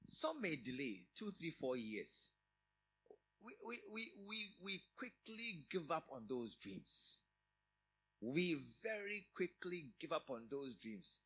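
A middle-aged man preaching a sermon, emphatic, often repeating and restarting phrases with sudden rises in loudness. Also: medium pitch. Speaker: pastor.

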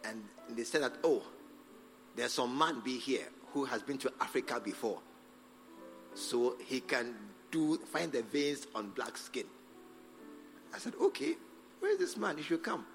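A man preaching a sermon as pastor, acting out scenes with sudden shouts. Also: medium pitch, a little slow, pauses often. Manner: animated, acts out scenes, shouts for effect. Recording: long hall reverb with faint music.

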